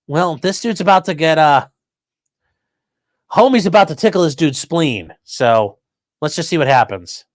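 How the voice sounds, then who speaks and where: Pausing often at a measured pace, this podcast host speaks in a slightly high voice on a dry recording. He mocks news clips with animated sarcasm and plenty of profanity.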